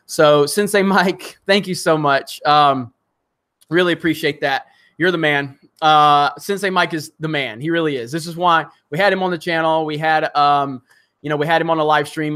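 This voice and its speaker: A man's voice: a little high, fairly bright tone. A man hosting a casual live stream, reading viewer comments and rambling in a frustrated way, with many restarts, fillers and some swearing. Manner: swears when angry.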